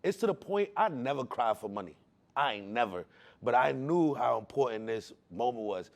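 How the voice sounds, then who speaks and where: A man telling his personal faith testimony in casual slang, emotional, repeating words for emphasis, swinging between hushed and loud. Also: mid-range voice, expressive, normal speed, gravelly. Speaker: testimony speaker.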